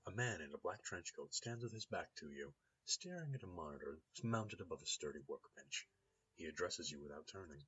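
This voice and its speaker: Deep-voiced man narrating a story game. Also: expressive, a little fast, a bit bright, breathy edge. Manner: reads descriptive text aloud, upbeat asides. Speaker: gamer playing and reading a story game. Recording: slightly dull lo-fi recording with faint noise.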